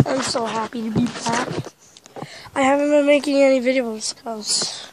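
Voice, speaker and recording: A woman's voice: sits high, heavy background noise. A woman chatting casually in a vlog, rambling and talking with a stuffy, congested nose from a cold. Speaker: vlogger.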